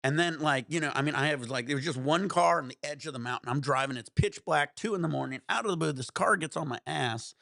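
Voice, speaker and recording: Gravelly man ranting on a stream. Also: a little high, fast talker, hardly any pauses, dry recording, clean studio sound. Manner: profane, animated ranting. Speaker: livestream host. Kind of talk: casual storytelling to stream chat.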